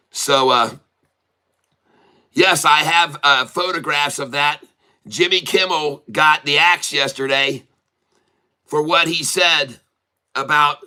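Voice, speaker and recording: With a high, pushed, bright voice that's clear and resonant, this channel host streams his day trading while telling chatty, rambling stories that keep restarting.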